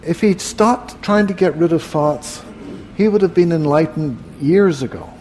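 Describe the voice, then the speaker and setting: A man teaching meditation to a live group in a room, relaxed and conversational, often asking the room questions. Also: a little high, unhurried, a little hiss or hum. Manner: relaxed, asks the audience questions, frequent "uh". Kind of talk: evening talk to a live group.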